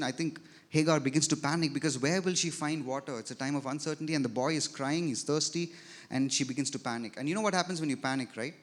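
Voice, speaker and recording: A man preaching a sermon in a church. His voice is mid-pitched. He tells the story as a preacher, swelling and dropping his loudness to stress each point. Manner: storytelling preacher, rises and drops in loudness for emphasis. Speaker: pastor. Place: church sanctuary.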